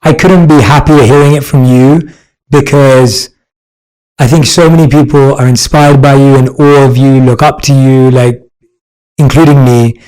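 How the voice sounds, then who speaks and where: A man's voice: medium pitch, fairly even intonation, moderate pace, a little mellow, clean tone, low-quality recording. A man with a British accent hosting an interview, earnest and full of praise for his guest. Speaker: podcast host. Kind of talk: conversational interview.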